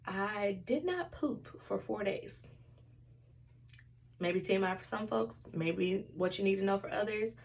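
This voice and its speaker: Young woman, vlogger, gravelly voice, a bit off-mic, candid and chatty. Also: mid-range voice, a little slow, far from the mic. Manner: chatty, candid, animated retelling with quoted dialogue. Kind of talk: casual storytelling vlog.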